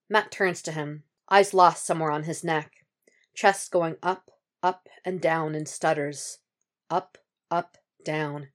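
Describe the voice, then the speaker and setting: A woman reads a fan-fiction story aloud as a podfic, audiobook style. Her voice is low for a woman, and she stays calm, steady and measured through the descriptive passages.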